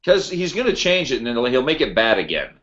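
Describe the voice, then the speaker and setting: A man's voice: mid-range voice, sing-song, fast, a bit bright, highs cut off. A man co-hosting a casual podcast, joking and making wisecracks. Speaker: podcast co-host.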